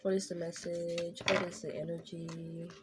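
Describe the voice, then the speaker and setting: A woman giving a casual tarot reading straight to her viewers, chatty and excitable. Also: fairly low pitch, moderate pace, very noisy. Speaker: tarot reader.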